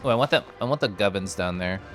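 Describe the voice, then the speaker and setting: A man streaming a video game, chatting casually and excitedly while reading chat aloud and giggling. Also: fairly low pitch, fast talker, music in the background.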